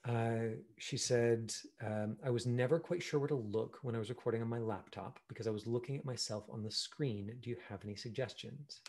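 Chatty male acting coach. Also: mid-range voice. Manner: chatty, animated, full of fillers and acted-out examples. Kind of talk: online acting class.

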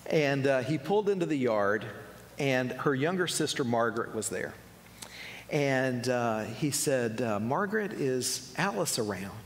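A male preacher tells a story to a congregation at a mid pitch. He speaks gently and voices each person in the tale. His voice rings with the long reverb of a big meeting hall. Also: unhurried. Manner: gentle storyteller, voices the people in his tale, drops soft and low for tender moments. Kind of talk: sermon storytelling.

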